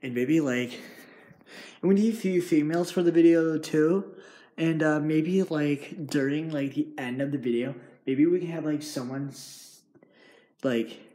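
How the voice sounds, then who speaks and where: A man's voice: on the high side, measured pace, warm tone. A young man vlogging while walking through an empty house, rambling with many fillers and restarts. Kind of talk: casual vlog. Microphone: handheld device.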